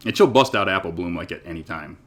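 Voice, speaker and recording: Very deep, animated man in jokey chat. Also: quick pace. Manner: playful, jokey banter. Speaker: podcast host. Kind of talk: casual chat.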